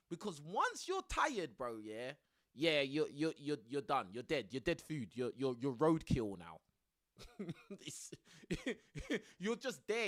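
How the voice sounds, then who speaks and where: A young man with a high, slightly bright voice chats casually on a live stream from a room at home lit by a studio light. He laughs often and uses plenty of slang.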